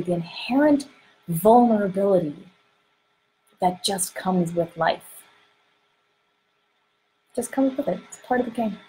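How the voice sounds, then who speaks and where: A woman coaching on dating and emotions in an animated monologue. She often acts out inner voices and uses many fillers. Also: medium pitch, measured pace, pauses often, slight background noise, poor audio. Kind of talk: podcast-style teaching monologue. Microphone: close microphone she bumps while gesturing.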